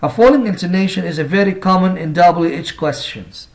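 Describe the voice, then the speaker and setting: A high-pitched male English teacher leads a recorded lesson, taking his time with explanations. He reframes his points and tosses rhetorical questions at the class.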